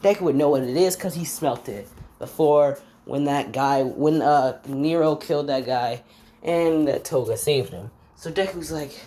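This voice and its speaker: A woman improvising a fan story out loud, rambling, stopping on fillers and forgetting names as she goes. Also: low voice, normal speed.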